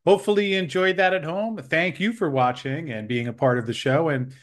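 A man hosting a weekly show, chatting on a call in a playful, giggly way with quick asides. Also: fairly high pitch, a bit bright. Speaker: show host. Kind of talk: casual chat. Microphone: remote call.

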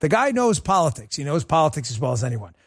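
A man's voice: on the high side, very animated, fast. A man hosting a political talk show, delivering a combative, mocking monologue with lots of repetition.

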